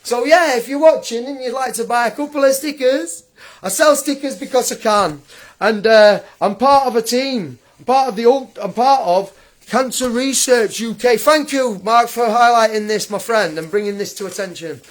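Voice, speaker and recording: Young guy, high voice, mocking and combative, livestream rant. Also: normal speed. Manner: taunting, mocking and combative, with frequent laughs.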